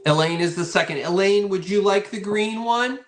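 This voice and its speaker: A man's voice: high voice, normal speed, reverberant. A man hosting a live online vintage sale, chatty and playful, greeting viewers by name as he shows each item. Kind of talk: live online auction selling.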